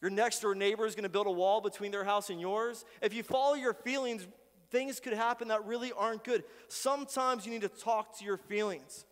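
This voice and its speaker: High-voiced preaching pastor in a reverberant hall. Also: male voice, steady tone, brisk. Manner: earnest, shifts between quiet prayers and loud pleading. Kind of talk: sermon. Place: church sanctuary.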